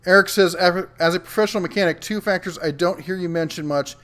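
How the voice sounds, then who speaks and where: Man, middle-aged, slightly high voice, casual livestream host, reads chat aloud, lots of ums. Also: brisk, a bit bright. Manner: chatty, reads viewer comments aloud with many ums. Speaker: host of a live tool show reading chat.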